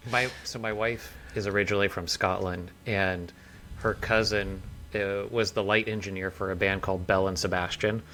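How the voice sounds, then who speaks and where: A man chats loosely on a podcast, his voice sitting a little low. He wanders through stories and laughs at his own punchlines. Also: fairly even intonation, moderate pace, pushed and bright, a little hiss or hum. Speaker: podcast co-host. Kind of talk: casual chat.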